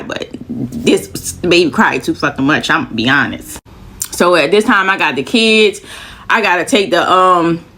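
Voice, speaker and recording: A woman's voice: lowish voice, fairly bright tone. A woman telling a long personal story in casual, profane speech, out of breath, repeating lines for emphasis. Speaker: storyteller vlogger.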